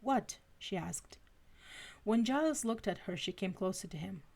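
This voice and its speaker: A woman's voice: mid-range voice, lively intonation, normal speed, vocal fry, a little mellow. A woman reading fanfiction aloud on a live stream, stumbling and restarting now and then. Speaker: fanfiction reader.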